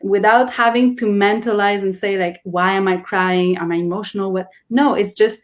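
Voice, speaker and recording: A woman's voice: mid-range voice, steady tone, moderate pace. A woman, a guest in a casual conversation, explaining earnestly with many restarts.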